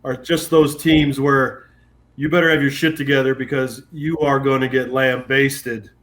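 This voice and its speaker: A middle-aged man from Canada, a guest on a podcast, telling stories in lively casual chat and swearing casually. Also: medium pitch, normal speed. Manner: animated storyteller, swears casually, puts on voices. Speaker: guest, former pro football kicker.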